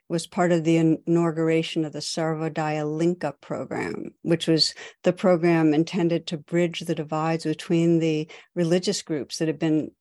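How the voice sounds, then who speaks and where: A woman, a meditation teacher, giving a dharma talk in a gentle, unhurried storytelling manner. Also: sits low, no echo, studio quality.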